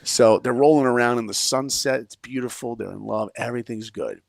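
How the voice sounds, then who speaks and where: A middle-aged man telling a story with lots of energy, his voice gravelly with fry. He acts out the lines he quotes, jumping up high and dropping low. The sound is dry and close, with no room around it. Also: a little fast, dry recording. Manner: energetic, acts out quoted lines with big swings in pitch and volume. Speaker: podcast guest, filmmaker and speaker. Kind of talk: animated storytelling in conversation.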